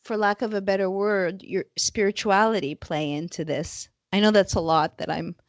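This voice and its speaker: A woman's voice: mid-range voice, steady tone, moderate pace, no room sound. A woman interviewer asking long, rambling questions. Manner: rambling multi-part questions. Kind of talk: conversational interview.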